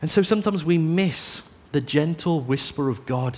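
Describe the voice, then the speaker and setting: High-voiced man preaching a gentle sermon. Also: normal speed. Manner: earnest, drops to a soft hush on key phrases.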